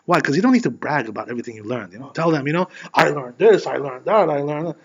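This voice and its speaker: A man giving a conversational Torah class as a rabbi, animated and filling his talk with "you know". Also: fairly high pitch, quick pace, breathy edge. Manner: peppers speech with "you know". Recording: dull lo-fi recording.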